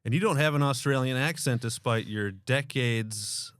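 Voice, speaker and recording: An American man hosting a podcast in casual chat, with wry, deadpan humor. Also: medium pitch, moderate pace, clear, resonant tone, no echo, clean studio sound. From United States. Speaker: podcast host.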